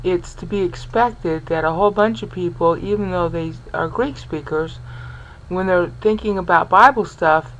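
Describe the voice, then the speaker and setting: A woman's voice: on the low side, normal speed, dull audio, slight background noise. A woman teaching a Bible lesson over on-screen text, sounding out words syllable by syllable and checking in with the listener. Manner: explanatory, checks in with "okay?" and "all right?".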